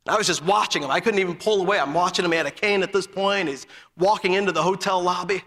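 A male preacher delivering a fervent sermon, telling stories and breaking into emphatic shouts. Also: high-pitched, fast, in a large hall.

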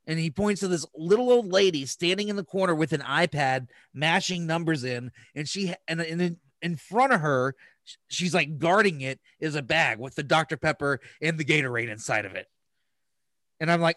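Casual podcast host, a man with a sharp, dry voice who tells stories with lots of swearing. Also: fairly high pitch, brisk, dry recording. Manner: profane, rambling with restarts. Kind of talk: casual storytelling chat.

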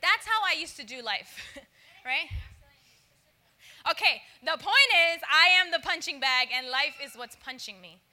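A woman's voice: high-pitched, lively intonation, a little slow, sharp tone. A woman giving a conversational sermon, talking straight to her audience and acting out little dialogues. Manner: chatty, acts out dialogues with laughs; addresses audience directly. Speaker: church speaker.

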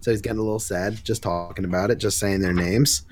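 Talking fast in a voice on the low side, this podcast co-host casually recaps a comic book. He laughs often and tosses in exasperated asides throughout his animated retelling.

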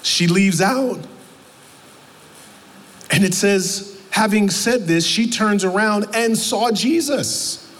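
A man preaching a sermon as pastor, in a conversational, animated way that keeps breaking into acted-out quotes. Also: high-pitched, slow, long pauses. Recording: long reverb of a large hall, faint noise.

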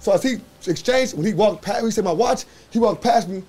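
A man's voice: high voice, a little fast, darkish tone. A man in a casual podcast chat, telling a story animatedly with profane slang and acting out what others said.

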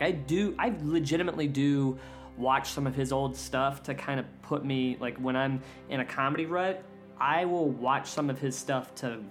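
A man hosts a comedy podcast in a loose, candid monologue, swearing freely. His voice sits at an ordinary middle pitch. Faint guitar music plays behind him. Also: fairly bright tone.

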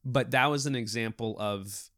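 Male guest, lively storyteller, mid-pitched, dry close-miked sound. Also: moderate pace, no room sound. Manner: animated, lively storyteller with many restarts. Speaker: hospital clown. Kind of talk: podcast interview storytelling.

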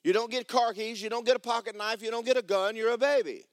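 A man preaching a sermon as pastor in a church, animated and emphatic with folksy humor. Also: extremely high pitch, quick pace, dry recording. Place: church sanctuary.

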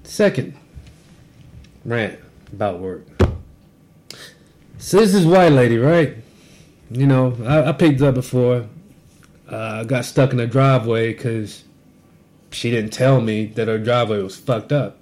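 A man's voice: mid-range voice, unhurried, long pauses, darkish tone. A man co-hosting a podcast, telling rambling, profane stories about his workday with frequent restarts. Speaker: podcast co-host. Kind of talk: casual podcast rant.

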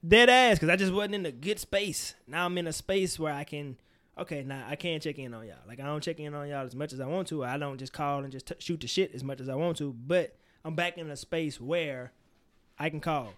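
A man's voice: fairly high pitch, brisk. A young man co-hosting a casual podcast, talking through friendship advice candidly and animatedly, swearing freely and acting out quoted lines. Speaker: podcast co-host.

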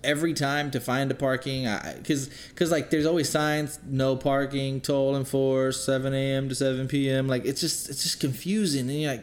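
A man's voice: mid-range voice, normal speed, few pauses. A man telling a story in casual chat, cursing freely and repeating words as he gets worked up. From Texas. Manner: profane, animated storyteller, repeats words when excited.

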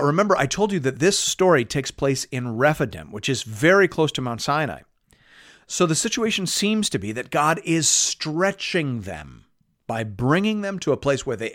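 A man preaching, reading a Bible passage aloud and stopping to explain it in a measured, teaching way. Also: mid-range voice, fairly bright tone, no room sound, clean studio sound. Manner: measured, explanatory, reads scripture aloud with emphasis.

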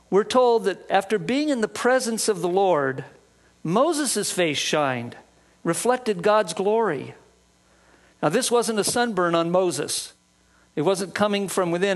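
A man preaching a sermon, explaining scripture earnestly and reading passages aloud. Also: sits high. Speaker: pastor.

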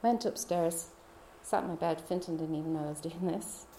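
A woman's voice: fairly low pitch, moderate pace, dark tone, slight background noise. Heartfelt woman sharing her faith testimony. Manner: heartfelt, confiding storytelling. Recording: roomy echo.

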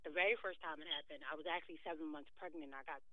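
A woman guest in an interview, telling her own story in an earnest, steady way. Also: low voice, fast, dry recording. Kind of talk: interview answers. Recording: tinny remote call line.

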